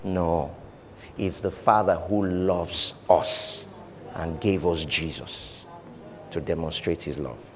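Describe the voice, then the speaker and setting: A man preaching a sermon with animated delivery, acting out voices and laughing often. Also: low voice, takes it slowly, in a large hall, faint music behind. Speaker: pastor.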